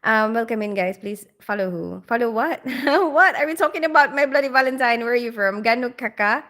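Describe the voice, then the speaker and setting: Her pitch leans high, her intonation is lively, and she talks a little fast in a somewhat bright tone. She's a woman in her forties from the Philippines, hosting a laid-back livestream where she reads comments and laughs a lot.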